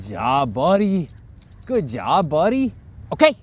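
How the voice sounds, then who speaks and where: A man's voice: medium pitch, expressive, unhurried, long pauses, darkish tone. A man working as a dog trainer outdoors in a field, talking casually and praising the dog in an upbeat, cheerful voice.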